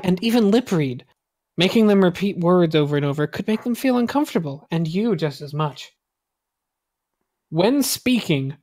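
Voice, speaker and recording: A woman's voice: lowish voice, darkish tone. A woman co-hosting a comedy podcast, reading a how-to article aloud in a mock-earnest way and breaking into laughter. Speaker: podcast co-host.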